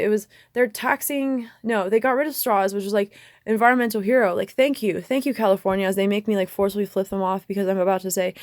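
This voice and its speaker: A woman delivers a rapid monologue to the camera from her bedroom. She swears freely and leaps from one thought to the next. Her voice sits mid-range and the sound is dry and close, with no room echo. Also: mid-range voice. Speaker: vlogger.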